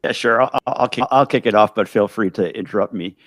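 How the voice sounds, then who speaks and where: A man on a video call reminiscing casually, relaxed and filler-heavy. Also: lowish voice, fast talker, dry recording. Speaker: guest.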